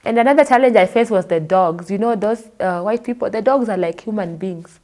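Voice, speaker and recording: A woman with a Kenyan accent recounts her own story as an interview guest, her pitch sitting in an ordinary middle range. She tells it expressively and slips into the voices of the people she describes. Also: a little fast, darkish tone. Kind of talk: personal storytelling.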